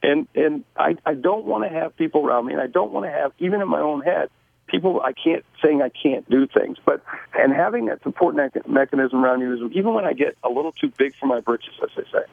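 A man's voice: a little high, animated, brisk, vocal fry, no room sound. An American man, a guest author and business owner, talking brashly in a casual interview and often repeating words as he starts a sentence. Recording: tinny dry phone line.

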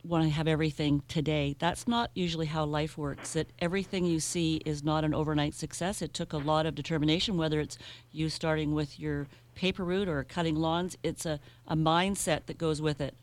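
A woman's voice: low voice, fairly even intonation, a little fast. A woman hosting a radio interview, asking guided questions and affirming her guest. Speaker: radio host.

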